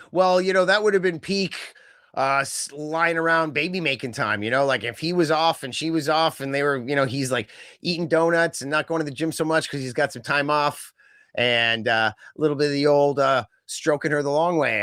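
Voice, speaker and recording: A man's voice: a little high, normal speed, fairly bright tone, dry recording, clean studio sound. A man co-hosting a podcast, chatting casually in a rambling way with lots of fillers and quoted asides. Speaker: podcast co-host. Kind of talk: casual wrestling chat.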